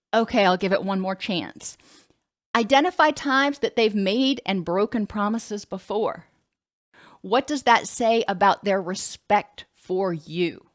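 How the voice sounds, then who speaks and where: A woman's voice: on the high side, dry recording, studio quality. A woman counselor giving a conversational lecture, sometimes stopping to correct herself. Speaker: licensed counselor.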